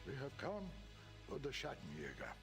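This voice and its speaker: An actor playing a courteous, earnest Bavarian villager in a video game, speaking. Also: male voice, mid-range voice, wildly swooping pitch, normal speed, music in the background. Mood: earnest, formal. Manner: formal, earnest.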